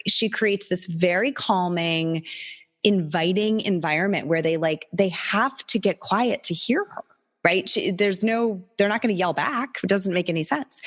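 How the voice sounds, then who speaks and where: A woman hosts the interview, musing and reflective. Her voice sits a little low. The recording rings with long reverb. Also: lively intonation, moderate pace. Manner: reflective, thinks aloud. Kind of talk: conversational interview.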